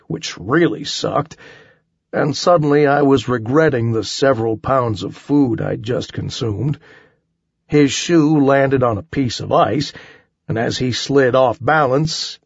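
A man reading a first-person action novel aloud in a dry, wry, steady storytelling manner. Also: mid-range voice, gravelly, husky, dry recording, lo-fi sound. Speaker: audiobook narrator. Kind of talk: first-person audiobook narration.

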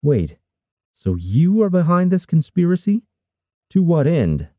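A man's voice: mid-range voice, sing-song, normal speed, dry recording, dull audio, pitched above the performer's own voice. A man voicing an earnest young male warrior who speaks with urgent, demanding questions.

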